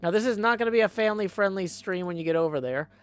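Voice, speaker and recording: A man's voice: high-pitched, rapid-fire, smooth, no echo. A man chatting casually on a live stream while he plays. He hums tunelessly, mutters to himself and slips in dry joking asides. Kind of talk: casual livestream chat while playing.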